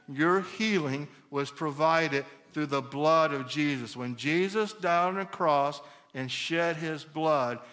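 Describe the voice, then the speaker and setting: Animated pastor preaching. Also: male voice, on the high side. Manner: animated, conversational preaching with repeated phrases. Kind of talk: sermon.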